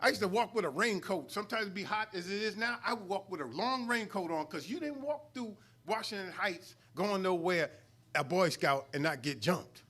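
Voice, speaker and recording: A middle-aged New York man teaching a sermon-style study lesson as a student minister speaks at a moderate pace in an animated, somewhat bright voice that sits high. Preaching in a mosque hall, he swells toward emphatic peaks and calls out to the congregation.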